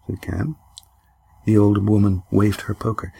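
A man reading an audiobook aloud in a measured, even storytelling manner. His voice is low and slightly husky. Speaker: audiobook narrator. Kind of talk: scripted narration.

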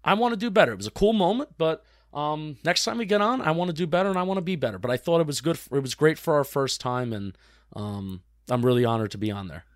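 A young man co-hosting a casual sports podcast, chatty and quick to agree, often restarting his sentences. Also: on the high side, lively intonation, dry recording, clean studio sound. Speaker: podcast co-host.

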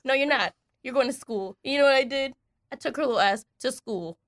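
A woman co-hosting a podcast, telling a story in a casual, animated way, acting out the voices of the people in it and swearing freely. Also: sits high, brisk, dry recording. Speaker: podcast co-host.

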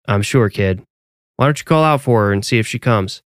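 A man voicing a blind adult man who is steady and protective, talking in a plain, gruff, reassuring way. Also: on the low side, fairly quick, no room sound, clean studio sound, natural voice.

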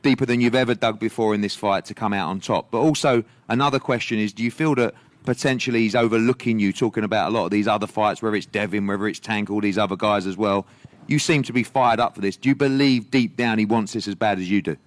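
A man hosting a boxing press conference, putting brisk, probing questions to the fighters. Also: on the low side, fairly even intonation, no echo.

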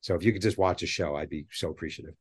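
A middle-aged man, a guest author on a podcast, chatting casually and telling animated stories with rambling asides. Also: low voice, very fast, slightly rough. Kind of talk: casual interview chat.

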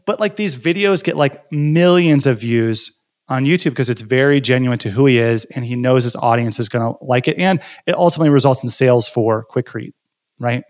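A man's voice: mid-range voice, brisk. A man hosting a podcast conversation, asking curious questions in a casual way. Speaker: podcast host.

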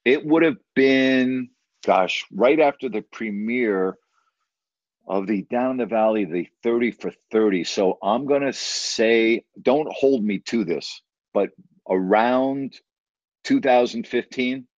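A man's voice: mid-range voice, takes it slowly, dry recording. A middle-aged man, a broadcaster and podcast host, telling stories in a casual interview; he rambles, repeats phrases and stretches words for emphasis. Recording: dull, dry podcast audio.

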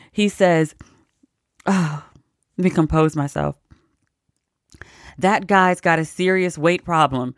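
A woman's voice: fairly low pitch, dry recording, studio quality. Exasperated woman riffing on the news. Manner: wry and exasperated, laughs between quotes. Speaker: podcast host. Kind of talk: casual news commentary.

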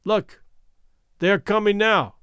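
A man's voice: sits high, slow, a bit bright, clean tone, no room sound, studio quality, pitched above the performer's own voice. A man reading the lines of a young, earnest, resolute male army captain, speaking plainly and persuasively in an audiobook.

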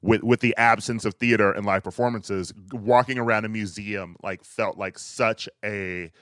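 This is a man with a fairly low voice, hosting a casual chat among friends. He is chatty and laughs often. The sound is dry and close. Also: steady tone, moderate pace, fairly bright tone, no room sound. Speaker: podcast host.

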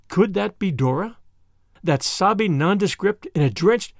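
A man hosting a podcast and narrating a classic novel aloud with lively, expressive reading and voices for each character. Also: high-pitched, no echo, studio quality. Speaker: audiobook reader and podcast host.

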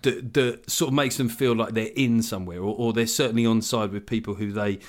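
A man's voice: lowish voice, fairly even intonation, fairly quick. A man in his forties, a comedian guest in casual podcast chat, wry and ranting about slang. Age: 40s. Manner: wry, ranting, mimics others in quoted voices.

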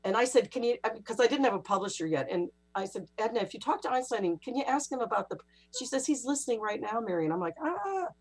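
A woman's voice: fairly high pitch, fast. A woman, a guest author, telling stories in a casual interview and acting out what others said. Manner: animated, acts out quoted voices.

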